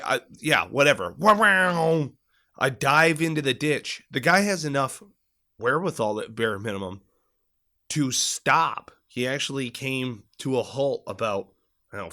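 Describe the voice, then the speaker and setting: A middle-aged man with a mid-range voice co-hosts a podcast. In casual, profane conversation he tells a military story, acting out the shouted quotes.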